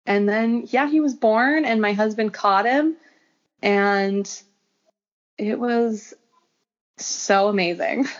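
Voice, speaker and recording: A woman's voice: medium pitch, takes it slowly, pauses often. Chatty young woman on a podcast. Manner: chatty storytelling, many fillers. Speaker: podcast guest. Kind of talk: casual interview. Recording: slightly dull lo-fi audio.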